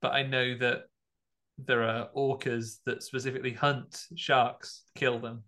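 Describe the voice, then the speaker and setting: A man co-hosting a podcast, trading wry, deadpan jokes while recapping a film. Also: medium pitch, a little slow. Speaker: podcast co-host. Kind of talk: casual film chat.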